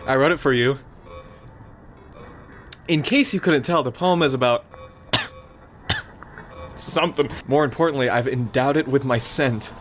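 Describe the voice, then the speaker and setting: A man's voice: medium pitch, a little slow, pauses often, soft background music, natural voice. A man voicing a shy, obsessive teenage girl, reading her lines in a breathless, fawning way.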